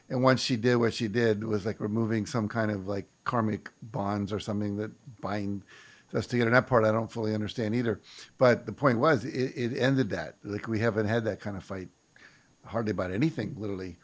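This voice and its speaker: An older man hosting a conversational show, speaking reflectively and often restarting his sentences. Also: lowish voice. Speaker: host. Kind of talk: casual conversation.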